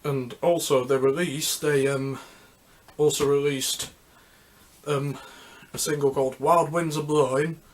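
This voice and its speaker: A man hosting a music history video, talking casually and unscripted, rambling and halting with many restarts. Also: a little high, steady tone.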